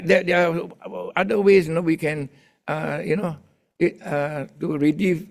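A man's voice: a little high, fairly even intonation, measured pace, creaky. A male pastor preaching a sermon in a chatty way, often restarting his sentences and getting the congregation to talk to their neighbors.

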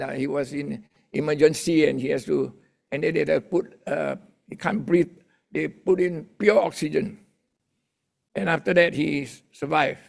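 Man, sermon delivery; somewhat high voice with gravel, conversational, addresses the congregation directly. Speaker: pastor.

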